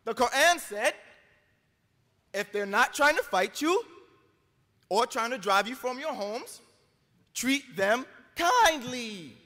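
Emphatic high-voiced man debating in a hall. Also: lively intonation, slow, pauses often, pushed and bright. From United States. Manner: emphatic, argumentative, quotes scripture. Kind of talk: live debate speech. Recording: long hall reverb.

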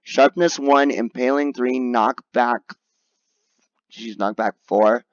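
A man giving casual let's-play commentary, grumbling and yelping high when cornered. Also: takes it slowly, no room sound, muffled recording. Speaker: gaming video creator.

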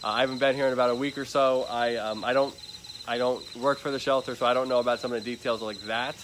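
A man's voice: medium pitch, fairly even intonation, fast talker. Chatty man livestreaming outdoors. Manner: chatty, talks to viewers and sweet-talks a dog. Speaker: animal rescue livestreamer. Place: outdoors at an animal shelter, by a grill. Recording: noisy outdoor phone livestream. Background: crickets and insects.

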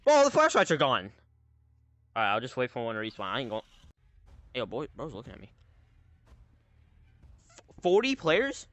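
A man hosting a gaming channel talks through his play in a casual, jumpy way, speaking into a headset. His voice is bright and forceful. His pitch swings widely, and he yells at sudden scares. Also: wildly swooping pitch, normal speed, long pauses, no echo. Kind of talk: casual gameplay commentary.

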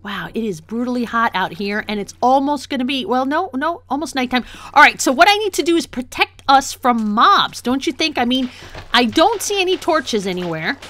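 A young adult woman narrates her own gameplay in a flustered, excitable way, often breaking into laughter. Her voice sits a little high, swings widely in pitch and has a bright, forceful edge. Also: moderate pace. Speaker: gaming channel host. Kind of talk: let's play commentary.

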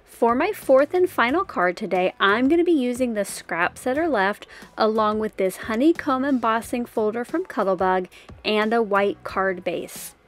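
A woman's voice: on the high side, animated, moderate pace, soft background music. A woman hosting a card-making tutorial, explaining each step in a chatty, casual voice-over. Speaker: card-making channel host.

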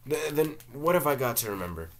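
Brief: a man doing a defensive, worn-down salesman; high, loud and strained. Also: animated, brisk, natural voice. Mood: bitter. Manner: raised, strained, explosive outbursts. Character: aging, worn-out male salesman, volatile and defensive.

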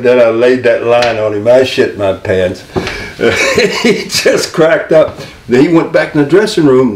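An older man spins a long, animated story in a roomy, echoing room. He rambles, repeats himself and laughs easily. A faint hum sits under his voice. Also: medium pitch, recorded from a distance. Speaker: interview guest, former wrestling manager. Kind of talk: storytelling in a career interview. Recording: roomy echo.

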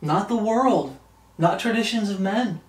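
A man preaching a sermon in a fairly high voice. He stretches out the scripture verses with emphasis and then comments on them bluntly, and he sounds a little far from the mic in a roomy echo. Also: unhurried.

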